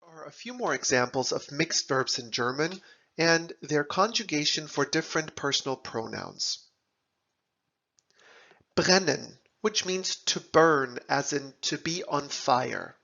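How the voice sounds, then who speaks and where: Male lesson narrator, deliberate and scripted, dull lo-fi sound, middle pitch. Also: gravelly, bright, forceful tone. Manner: deliberate, spells out German words and translations. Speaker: language teacher. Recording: dull lo-fi recording.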